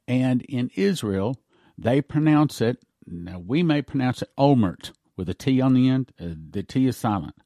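A man's voice: medium pitch, animated, dark tone, no echo, studio quality. Earnest man reading prophecy news. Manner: earnest, lays out points slowly and spells words out. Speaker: prophecy show host. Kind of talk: preaching commentary, reading news aloud.

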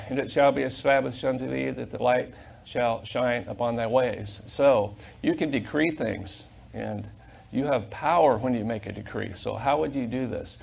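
An older man preaching a sermon as pastor in a church, fervent, swinging between loud emphasis and quiet asides, on a corded mic. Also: medium pitch, normal speed, vocal fry, slightly rough. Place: church sanctuary.

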